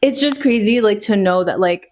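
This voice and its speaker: A woman's voice: medium pitch, lively intonation, normal speed, a crowd in the background. Candid young woman podcast co-host. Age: young adult. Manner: candid storytelling, many "like"s, swears. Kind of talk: casual chat.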